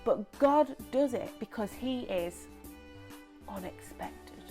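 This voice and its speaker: A young woman presenting a lively children's church story, chatty and animated. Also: fairly high pitch, takes it slowly, soft background music. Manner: animated, chatty, acts out voices.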